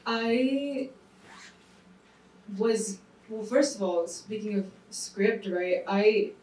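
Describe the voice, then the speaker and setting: A woman actor who grew up in India, telling lively stories during a panel Q&A at a screening. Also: mid-range voice, extremely slow. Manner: animated storytelling with laughs. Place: private screening venue. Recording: roomy hall, far from mic.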